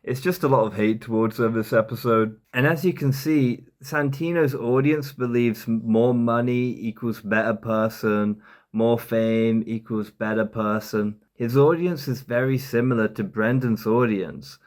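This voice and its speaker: A man's voice: mid-range voice, unhurried. Sarcastic man doing comedy commentary. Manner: sarcastic, mocking. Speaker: commentary YouTuber.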